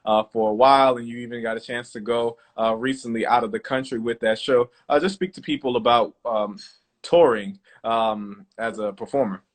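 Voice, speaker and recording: A man's voice: medium pitch, normal speed. Laid-back male podcast host. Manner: relaxed, many "uh" fillers, friendly slang. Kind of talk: casual video-call interview. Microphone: video call.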